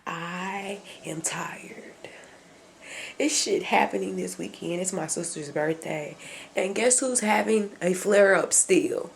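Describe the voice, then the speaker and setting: Young woman, gravelly voice, candid ranting vlog talk, frank and profane, faint background noise. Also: medium pitch, unhurried. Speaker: vlogger. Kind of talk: casual vlog rant.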